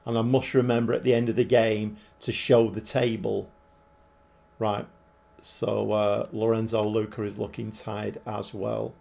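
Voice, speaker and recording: Gravelly-voiced man chatting on a stream. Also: on the low side, flat delivery, a little slow, darkish tone. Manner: chatty, answers viewers' chat, swears mildly. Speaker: game livestreamer. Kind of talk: casual live-stream commentary.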